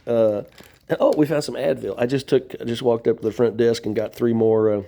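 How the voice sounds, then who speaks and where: A man's voice: mid-range voice, steady tone, brisk, vocal fry, dark tone. A middle-aged man talking in a rambling, casual monologue from a shelter floor, venting with profanity and wry laughs. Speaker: vlogger. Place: shelter room, sitting on floor.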